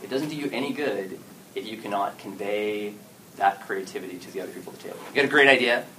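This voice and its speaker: A man's voice: fairly low pitch, fast, bright, forceful tone. A man giving a casual talk to an audience at an event about story games, speaking animatedly and acting out what players and game masters say. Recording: distant mic with clear background noise.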